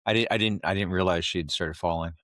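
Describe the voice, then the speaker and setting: A very deep-voiced man from Ohio hosts a podcast conversation. He asks questions haltingly, pausing and rephrasing as he goes. The recording is dry and close. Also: fairly bright tone, no echo. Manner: halting, searches for how to phrase questions. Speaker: podcast host. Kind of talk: casual interview conversation.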